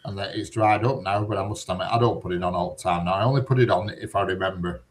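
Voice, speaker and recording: A man's voice: sits low, quick pace, slight background noise. A man telling stories in a casual, blunt chat, swearing and laughing at his own tales. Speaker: storyteller in a group chat.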